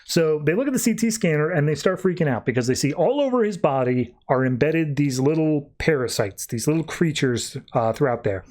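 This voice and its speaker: A man's voice: fairly high pitch, animated, fairly quick, few pauses, a little mellow. A man hosting a podcast, casually recapping and reviewing a comic book with lots of "uh" and "like". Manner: retells scenes breezily, with lots of "uh" and "like". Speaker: podcast host.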